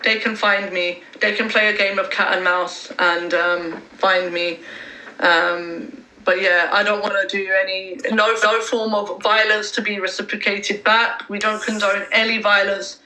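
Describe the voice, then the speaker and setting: A woman hosts a casual livestream, halting and full of ums as she talks to her viewers and reads chat aloud. Her voice is very bright, and the room around her rings with echo. Her pitch sits in the middle. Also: fairly even intonation, slight background noise. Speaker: livestream host.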